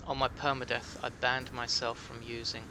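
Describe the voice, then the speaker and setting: A man's voice: medium pitch, noisy background. A British man chatting casually with his live-stream chat while playing a game, joking at his own expense. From Britain.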